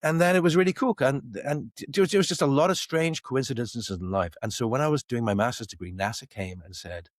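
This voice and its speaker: Speaking a little fast and hardly pausing, a middle-aged man from the Isle of Man tells stories with animation in a podcast interview, voicing the people he quotes. He's the guest, a space company CEO, with a mid-range voice. The audio is clean studio sound with no room sound.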